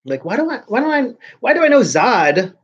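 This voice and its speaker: A man's voice: extremely high pitch, very animated, brisk, slightly rough, highs cut off. A man hosting his own vlog in casual chat, rambling along with frequent restarts and sentences that trail off. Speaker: vlogger host.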